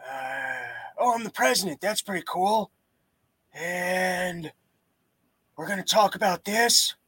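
A man's voice: high voice, slow pace, sharp tone, slightly rough, exaggerated voice. A man impersonating a confused elderly male president who mumbles, halts and trails off. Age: over 60.

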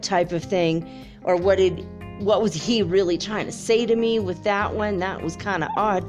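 A woman telling a story in a casual, chatty monologue, laughing often and filling pauses with ums and you-knows. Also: mid-range voice, steady tone, darkish tone, faint music behind.

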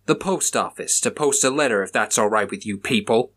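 A man voicing a determined male police officer who speaks in brisk, clipped lines. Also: lowish voice, a bit bright, breathy edge.

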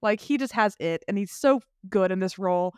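A man's voice: sits high, a little fast, a little mellow, smooth, no echo, clean studio sound. A man co-hosting a film podcast, chatting casually and animatedly with lots of restarts and the odd swear. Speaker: podcast co-host.

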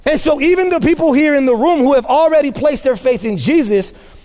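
A pastor with a strikingly high voice, speaking a little fast, preaches to his congregation with mounting fervor. He hammers repeated phrases and climbs to shouts, while a long reverb from the large church hall trails his words.

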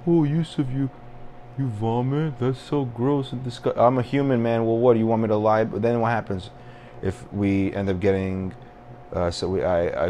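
A man's voice: sits low, darkish tone, slight background noise. A young man hosting a solo podcast, rambling and venting casually with frequent swearing and self-deprecating asides. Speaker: podcast host.

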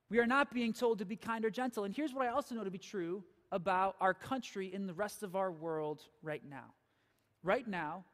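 A man with a very high voice delivers a sermon as pastor. He preaches with emphasis and throws rhetorical questions at the congregation. His voice rings out with a long reverb in a large church hall.

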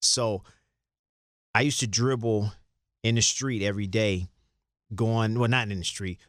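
An older Chicago man, a former basketball player, tells rambling stories as a guest in a casual interview. His low-ish, fairly bright voice stays steady and unhurried, and the studio-quality recording is dry. He restarts sentences and acts out the lines he quotes.

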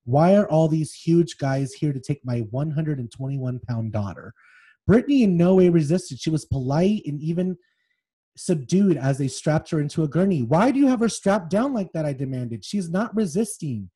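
Podcast co-host, male, mellow slightly husky voice, reads excerpts with feeling. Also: on the high side, lively intonation, moderate pace. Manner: reads excerpts aloud with feeling, then chats loosely. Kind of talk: casual chat with dramatic book reading.

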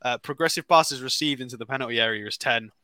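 A man's voice: medium pitch, fast, sharp tone, no room sound. A man co-hosting a casual football podcast, talking through player stats with lots of fillers and restarts, with an English accent. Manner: rambling stats talk with fillers. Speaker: podcast co-host.

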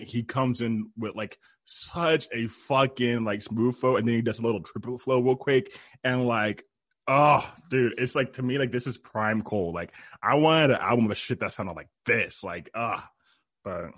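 A man's voice: on the low side, no room sound, studio quality. A young man co-hosting a casual album review, enthusiastic and slangy with heavy swearing.

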